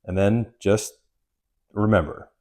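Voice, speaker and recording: A man in his thirties co-hosting a podcast, casual and animated, swearing freely. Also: on the low side, takes it slowly. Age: 30s. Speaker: podcast co-host.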